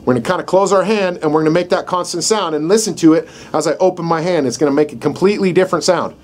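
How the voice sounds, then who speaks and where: A middle-aged man with a fairly high voice gives a casual, folksy lesson outdoors, checking in with the listener again and again. A faint hiss of open-air noise sits under the recording. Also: quick pace. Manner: casual, folksy, keeps asking "right?". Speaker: game call instructor. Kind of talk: outdoor how-to demonstration. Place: outdoors in the country, dogs barking nearby.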